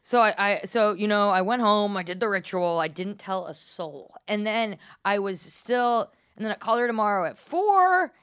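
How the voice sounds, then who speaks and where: A woman's voice: mid-range voice, moderate pace, hardly any pauses, clean tone. Woman comic guest, mid-range voice, dry storyteller. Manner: deadpan storytelling, drops to whispers for quotes. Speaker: comedian guest. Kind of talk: casual chat.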